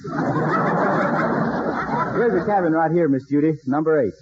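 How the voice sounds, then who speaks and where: A man's voice: on the high side, a little slow, background noise, natural voice. Man playing an earnest young errand boy. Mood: urgent. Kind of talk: 1940s radio sitcom acting. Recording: dull 1940s radio recording.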